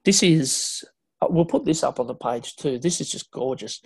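A man co-hosting a podcast, rambling through an old match recap with excited asides. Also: medium pitch, moderate pace, vocal fry, breathy edge, no echo. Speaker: podcast co-host.

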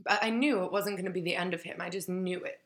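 A woman's voice: on the low side, fairly even intonation, quick pace. A woman casually telling a story, acting out the quoted voices and swearing freely.

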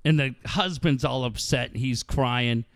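A man of medium pitch and measured pace swaps profane, lively anecdotes in casual conversation, laughing often. It's captured in clean studio sound without echo.

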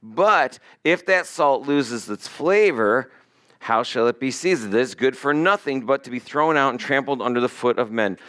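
At a normal speed and medium pitch, a man preaches a sermon as pastor. His tone is animated and conversational, and he addresses asides to the congregation.

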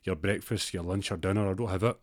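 A tired, patient corner-shop owner, as a storyteller puts him on, apologetic and matter-of-fact. The voice is low and sits in a dry, close sound. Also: male voice, fairly even intonation, fast talker, no echo, natural voice. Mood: weary.

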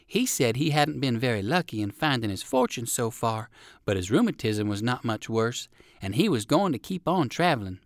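A man's voice: mid-range voice, big pitch swings, normal speed, dry recording, studio quality. Man reading a storybook aloud. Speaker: reader. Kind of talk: storybook narration.

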